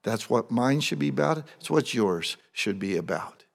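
Animated pastor preaching in a reverberant hall. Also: male voice, medium pitch, normal speed, creaky. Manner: conversational, animated storytelling with rising excitement. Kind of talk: sermon.

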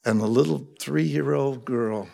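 A middle-aged man preaching a sermon, animated and humorous, mixing scripture with personal stories. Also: medium pitch, measured pace, gravelly. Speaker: pastor. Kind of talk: sermon with storytelling.

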